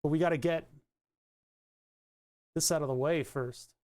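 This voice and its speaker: A man's voice: a little high, fairly even intonation, measured pace, darkish tone. A young man thinking aloud and swearing casually while he streams a car electronics repair. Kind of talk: casual live-stream commentary.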